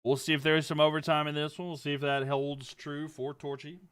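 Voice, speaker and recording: A young man giving casual play-by-play commentary on a livestream, getting louder on big plays and dropping low when he talks to viewers. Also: flat delivery, clean tone. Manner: rises and quickens on big plays, drops low chatting with viewers.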